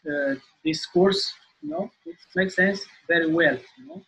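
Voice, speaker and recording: A man from Romania with a Romanian accent, a guest in a casual interview, speaking halting English as he searches for words and laughs often. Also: sits high, huge pitch swings, vocal fry, bright, forceful tone, rough recording.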